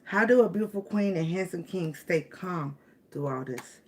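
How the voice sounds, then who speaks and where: A woman's voice: on the low side, animated, normal speed, a little mellow. A woman with giving a casual tarot reading. She speaks with emotion, laughs often and repeats phrases. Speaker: tarot reader.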